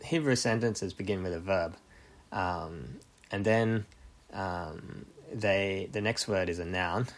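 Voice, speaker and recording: A man preaching a sermon, explaining scripture in a loose teaching way with many fillers and self-corrections. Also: low-pitched. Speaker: pastor.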